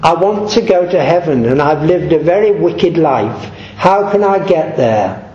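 A man voicing a dying woman who asks quietly and earnestly how to be saved. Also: a little high, expressive, unhurried, reverberant, dull audio, slight background noise. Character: dying woman, weary and repentant.

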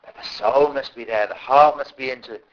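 A man preaching a sermon in an earnest way, rising to loud pleading calls at times. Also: mid-range voice, normal speed, muffled recording.

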